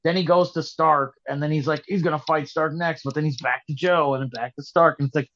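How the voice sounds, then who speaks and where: A man's voice: on the high side, fairly even intonation, brisk, a bit bright. A man co-hosting a casual wrestling chat, rambling and restarting his sentences, skeptical in tone. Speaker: podcast co-host. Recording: dull lo-fi podcast audio.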